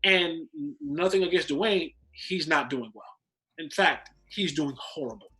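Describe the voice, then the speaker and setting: A man's voice: a little high, animated, unhurried, bright, forceful tone, soft background music. A man, a former football player, telling a long story as a guest in casual chat, restarting and repeating words as he goes.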